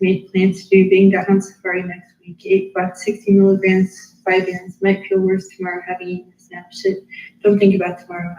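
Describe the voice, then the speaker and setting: Flat-voiced woman reading her diary aloud. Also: medium pitch. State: tired after a long reading. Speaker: author reading her own blog. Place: apartment room. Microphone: livestream captured by another person's device. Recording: roomy, slightly dull livestream audio.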